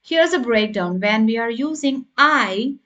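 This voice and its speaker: Slow, patient woman teaching grammar. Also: a little high, expressive, fairly bright tone, highs cut off. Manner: slow, patient, spells out letters and checks in with "right?". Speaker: English teacher. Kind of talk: grammar lesson.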